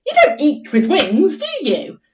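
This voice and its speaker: A woman's voice: high voice, huge pitch swings, echoey room, recorded from a distance, highs cut off, background noise. A woman teacher reading a story to young children and sounding out letters in an online lesson. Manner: slow, sing-song story reading with phonics sounding out. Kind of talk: remote primary school story lesson.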